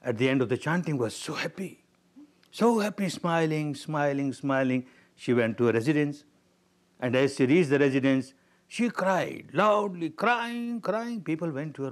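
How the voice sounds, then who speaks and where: A man's voice: on the high side, a little slow. A man teaching meditation in a spiritual discourse, telling stories and repeating key words for emphasis.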